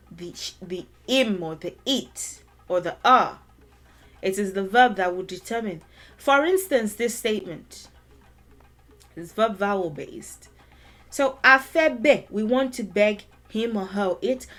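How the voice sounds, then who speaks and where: A woman with a mid-range voice teaches a language lesson. She talks patiently, repeats her key points, and models each word aloud as she goes. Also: mid-range voice. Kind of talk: explaining and demonstrating pronunciation.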